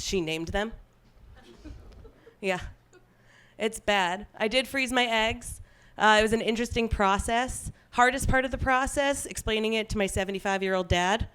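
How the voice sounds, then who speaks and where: A woman's voice: medium pitch, fairly bright tone, smooth. A young woman from Long Island doing a stand-up comedy set on stage, chatty and self-deprecating, laughing at her own jokes.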